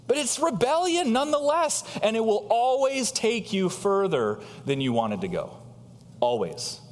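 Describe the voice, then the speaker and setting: A man preaching a sermon as pastor, asking rhetorical questions and swinging between loud high emphasis and quiet low asides. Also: big pitch swings, a little slow, in a large hall.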